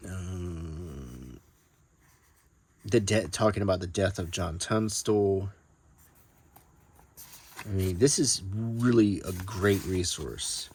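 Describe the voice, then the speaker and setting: Man, lowish voice, relaxed and rambling collector, soft-spoken, casual home talk. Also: breathy edge. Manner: soft-spoken, meandering, many ums and restarts; reads old newspaper text aloud in a measured tone. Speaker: book collector showing his collection. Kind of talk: casual, unscripted talk about his books.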